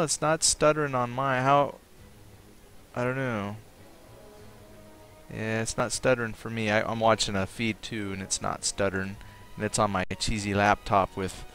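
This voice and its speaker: A man's voice: lowish voice, fairly bright tone. A man streaming a game live, chatting casually, thinking aloud and reading out viewers' comments. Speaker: livestream gamer.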